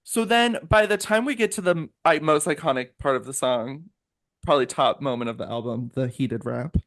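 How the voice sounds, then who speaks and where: A young man telling a story. He co-hosts a casual pop music podcast and talks with animated energy, his pitch jumping up and down as he builds the tale. The voice sits in a middle range. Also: brisk. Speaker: podcast co-host. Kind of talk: casual chat.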